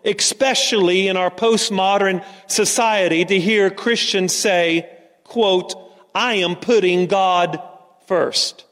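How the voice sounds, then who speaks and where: Pastor guy preaching slow, lots of questions at the crowd, big echoey church sound. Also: high-pitched. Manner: storytelling, rhetorical questions, earnest. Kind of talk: sermon.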